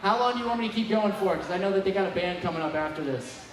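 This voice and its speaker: Man in his twenties, stand-up comic, profane rambling crowd work, yelling bursts, distant mic, heavy bar echo. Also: high voice, very fast. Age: 20s. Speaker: stand-up comedian. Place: bar stage with a live crowd. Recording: far-off echoey bar recording with noise.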